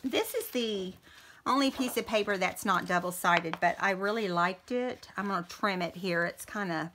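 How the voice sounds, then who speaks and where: A woman, chatting while she works through a paper-crafting tutorial. She thinks aloud as she goes and keeps clearing a scratchy throat. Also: mid-range voice, normal speed. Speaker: crafting video host.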